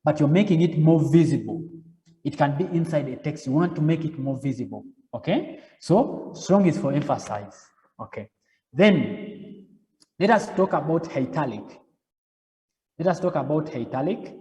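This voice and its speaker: A man teaching web design, walking through each step slowly and repeating himself, often checking in with "okay?". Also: fairly high pitch, lively intonation, mellow, big-room sound. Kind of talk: live coding lecture.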